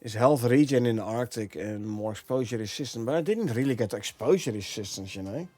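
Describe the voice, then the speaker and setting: A man's voice: medium pitch, a little fast, a little mellow, dry recording. A man from the Netherlands with a Dutch accent, streaming a game and chatting with viewers, thinking aloud and laughing often. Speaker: gameplay streamer. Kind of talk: casual live-stream commentary.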